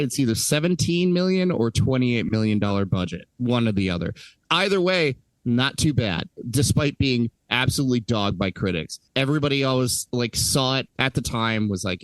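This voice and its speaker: A man chatting on a movie podcast in a loose, rambling way, leaning on fillers and breaking into laughs. His voice sits at an ordinary pitch and sounds dry and close, with no room around it. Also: dry recording, poor audio. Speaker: podcast co-host. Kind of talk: casual movie-podcast chat.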